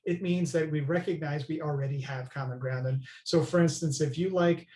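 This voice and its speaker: A man's voice: a little high, fairly even intonation, brisk, a little mellow, roomy sound. A man speaking as a podcast guest, earnest and emphatic, often checking in with "right?". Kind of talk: conversational interview.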